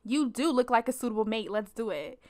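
A young woman casually commenting on her life-sim game for viewers, animated, laughing and slangy. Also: fairly high pitch, brisk. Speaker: let's play host.

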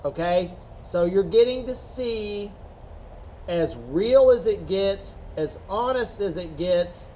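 Man, middle-aged, chess coach, unscripted, rambling and emphatic, unhurried, faint background hum. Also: high voice, expressive, a little mellow, low-quality recording. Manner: rambling, emphatic, repeats himself. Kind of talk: unscripted talk to camera.

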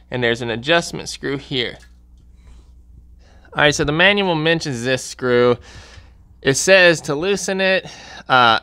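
A man's voice: mid-range voice, pushed and bright, clean tone, no echo. A man hosting a repair channel, talking casually through a how-to, plain-spoken and repeating warnings for emphasis. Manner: plain-spoken, walks through steps while pointing things out.

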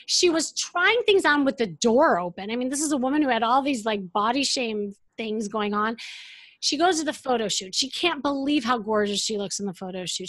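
A woman dating coach and therapist telling a client story in an interview, animated and full of fillers. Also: fairly high pitch, no echo.

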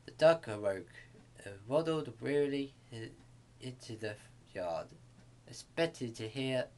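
A man reading a bedtime story aloud to kids, in a halting way with small restarts. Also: medium pitch, darkish tone.

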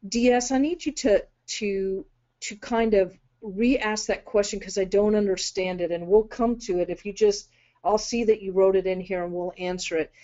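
A woman hosting a live webinar, running through viewer questions in a brisk, direct way. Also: mid-range voice, steady tone, mellow. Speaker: webinar host. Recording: dull lo-fi audio.

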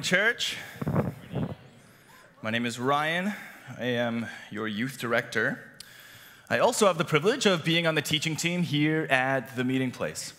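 A man preaching a sermon as youth director, animated with playful asides. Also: fairly high pitch. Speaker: youth director and teaching pastor. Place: church hall. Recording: long church hall reverb.

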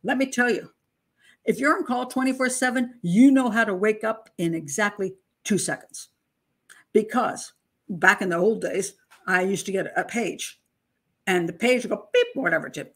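Picture an older woman with a husky, slightly breathy voice talking through a true-crime case. She is emphatic and incredulous, pausing to mock what she reads. Her pitch sits in a plain middle range for a woman. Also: a bit bright. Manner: emphatic, incredulous, mocks testimony with acted-out voices. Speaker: criminal profiler and channel host. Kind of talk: casual true-crime commentary.

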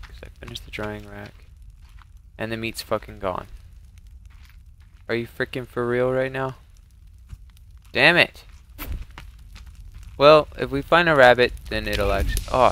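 A man streaming a survival game, commenting live as he plays, cursing often and jumping from low muttering to panicked yelling. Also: a little hiss or hum. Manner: swears a lot, swings from muttering to panicked yelling.

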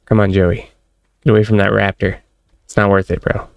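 Male gamer, lowish voice with a rough edge of fry, excitable and laughing as he plays, dry close mic. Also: normal speed, dry recording. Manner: excitable, laughing, chatting to his in-game pet. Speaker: gaming channel host. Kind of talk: let's-play commentary.

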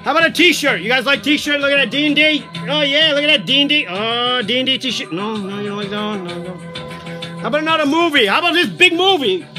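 Man, high and very bright voice, loud rambling livestream seller, music under him. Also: expressive, fast talker. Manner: loud, rambling, talks to viewers while showing items. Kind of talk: casual live-stream chat. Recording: music playing behind. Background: background music.

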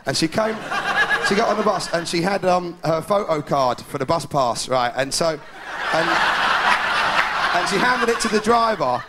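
A man's voice: on the high side, expressive, a little slow. A man performing a live stand-up comedy routine, rambling and chatty, often laughing at his own jokes. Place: live comedy venue with audience. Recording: 1990s VHS live recording with hiss.

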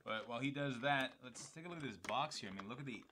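A young man hosting a casual unboxing video, talkative and excited about the product. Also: mid-range voice, fast, very noisy. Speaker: show host.

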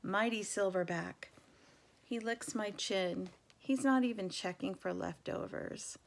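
A woman reading a children's novel aloud in a measured, gentle storytelling manner. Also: mid-range voice, creaky. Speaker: reader.

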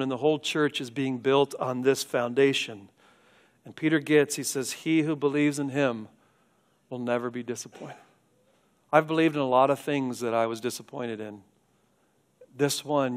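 A man preaching a sermon as pastor, moving between hushed, quiet passages and loud, urgent appeals. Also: medium pitch. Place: church sanctuary.

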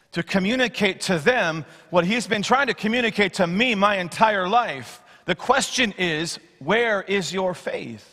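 In a reverberant church sanctuary, a high, bright-voiced pastor gives an expository sermon. He acts out Bible quotes and shifts between loud and hushed, with the long church hall reverb filling the recording.

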